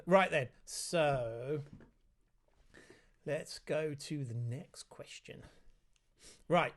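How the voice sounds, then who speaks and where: A man hosting a casual live Q&A for parents at home, chatty and easygoing, breaking off to talk to his child. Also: on the high side. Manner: chatty, reads out viewer comments, talks aside to his child. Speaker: autism specialist hosting a parent Q&A.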